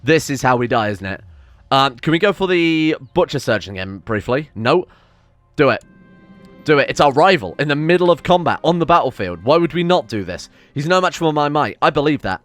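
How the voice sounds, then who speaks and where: Male game streamer, somewhat high voice, exasperated swearing rants, faint music underneath. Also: very animated, brisk, dry recording. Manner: swears a lot, exasperated ranting. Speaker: gaming channel host. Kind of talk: casual gameplay commentary.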